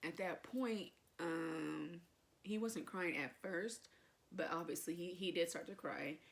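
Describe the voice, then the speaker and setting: A woman's voice: fairly low pitch, takes it slowly, gravelly. A young woman vlogger telling a personal story to camera in a chatty, emotional way, with lots of fillers.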